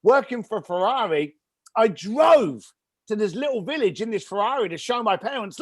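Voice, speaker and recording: A man guest on a podcast, telling a personal story in an animated way and acting out the voices of his family. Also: high-pitched, moderate pace, breathy edge, dry recording, clean studio sound. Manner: animated storyteller who acts out family dialogue. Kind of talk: storytelling interview.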